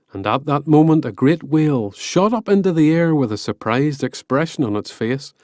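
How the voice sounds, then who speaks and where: A man narrating an animated storybook, playful and expressive with wry asides. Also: mid-range voice, no room sound, clean studio sound.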